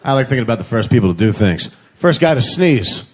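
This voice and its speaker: A man performing a stand-up comedy set on a club stage, acting out sneezes with shrieking high yelps, recorded on a handheld mic with audience laughter behind. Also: lively intonation, a little fast, heavy background noise. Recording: live club mic, loud crowd laughter.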